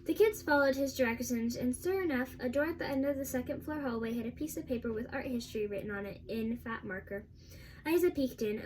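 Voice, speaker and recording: A woman reading a children's novel aloud, steady storytelling with small slips and restarts. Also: a little high, a little hiss or hum. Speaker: audiobook reader.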